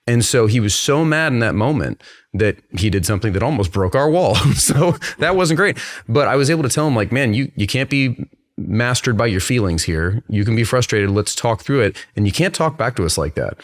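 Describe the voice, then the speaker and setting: A man's voice: fairly low pitch, lively intonation, fairly quick. A man hosting a podcast, telling a story about his son in a casual chat, acting out the quotes and laughing easily. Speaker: podcast host.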